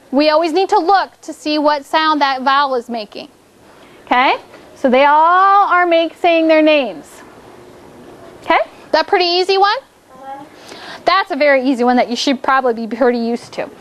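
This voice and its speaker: A high-pitched female teacher runs a phonics lesson in class, upbeat and coaxing, turning the drill into a playful game with points.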